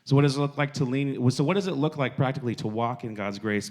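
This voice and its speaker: A man's voice: medium pitch, quick pace, few pauses, darkish tone. A man giving a casual sermon to young people, talking conversationally and repeating phrases for emphasis. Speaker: youth preacher.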